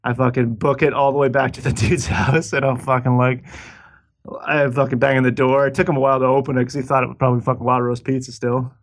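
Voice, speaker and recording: A man's voice: mid-range voice, flat delivery, fast talker. A man co-hosting a casual podcast over a call, telling a long story in a rambling way, full of swearing and restarts. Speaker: podcast co-host. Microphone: Skype call.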